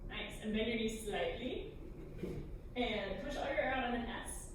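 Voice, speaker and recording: A woman leading a choir through breathing and stretching warm-ups, giving step-by-step physical cues. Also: a little high, moderate pace, noisy background. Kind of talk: vocal warm-up instruction. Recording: echoey room, distant mic, music.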